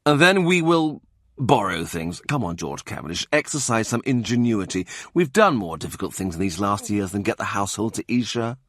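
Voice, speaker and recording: A man voicing a blunt, plain-spoken male advisor of humble birth in an audiobook, steady and practical. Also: fairly low pitch, moderate pace, no echo, studio quality. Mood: brisk.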